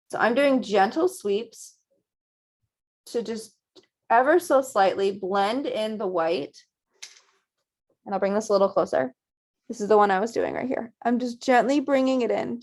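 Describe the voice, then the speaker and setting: A woman teaching a virtual painting class, guiding students gently step by step at a close mic. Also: medium pitch. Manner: gentle, encouraging step-by-step guidance. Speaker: painting instructor.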